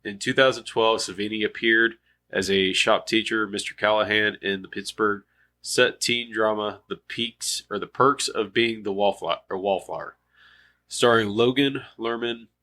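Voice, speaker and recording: A man in his early thirties with a nasal voice reads a profile on a casual movie podcast. His voice sits low but sounds bright. He stumbles on names and goes back to fix them. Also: fairly even intonation. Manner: reads haltingly, restarting mispronounced words. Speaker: podcast co-host.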